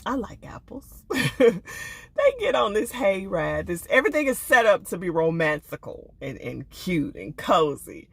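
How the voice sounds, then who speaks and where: Older woman, casual show reviewer, animated and sassy, dry close recording. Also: medium pitch, a little slow, slightly rough, no room sound. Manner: animated, laughing, sassy asides. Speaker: reality TV reviewer. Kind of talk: casual commentary.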